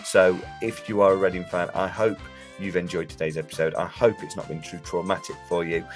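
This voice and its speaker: Podcast host, male, very low voice, earnest and chatty, faint music underneath. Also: flat delivery, a little fast. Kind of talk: casual podcast chat and outro. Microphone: remote call.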